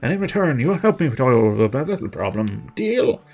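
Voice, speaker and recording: A man's voice: mid-range voice, big pitch swings, a little fast, creaky, darkish tone, soft background music. A man voicing a fed-up former town clerk in a video game, with a put-on Irish accent and a chatty, exasperated way of talking. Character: fed-up male former town clerk fleeing his life.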